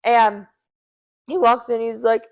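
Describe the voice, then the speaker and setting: Gravelly-voiced young woman telling a story. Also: a little high, takes it slowly. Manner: animated, acts out quoted voices. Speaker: podcast co-host. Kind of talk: casual storytelling.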